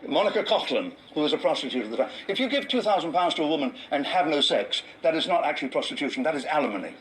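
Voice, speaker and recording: Wry older English comedian telling stories. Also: male voice, animated, fast, background noise. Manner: wry storyteller, drops into low mock voices for punchlines. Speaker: comedian and game show host. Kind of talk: anecdotal stand-up and reminiscence.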